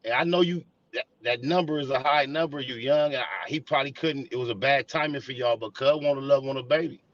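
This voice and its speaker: A man's voice: medium pitch, quick pace, no echo, dull audio. A man who cuts in on the guest's story and talks about himself as "cuz".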